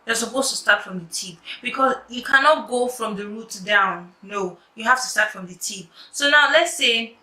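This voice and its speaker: A young woman, telling a story and showing a hair fix in a chatty, lively way, sometimes dropping to quiet asides. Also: on the high side, normal speed, hardly any pauses. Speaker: wig maker vlogger. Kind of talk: casual storytelling tutorial. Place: room at home at night. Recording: echoey room, distant mic, faint noise.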